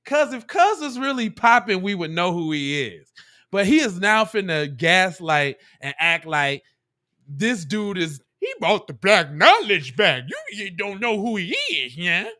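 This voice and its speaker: A man hosting a podcast, reacting to clips in loud, mocking casual commentary full of swearing. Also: high voice, sing-song, a little slow.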